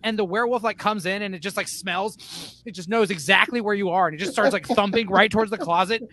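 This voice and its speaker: A man with a notably high voice, talking loosely on a podcast. He rambles, swears often and throws himself into acting things out. It sounds like a relaxed chat between friends. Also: fast talker. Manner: rambling, animated, swears freely, acts out scenes. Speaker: podcast co-host.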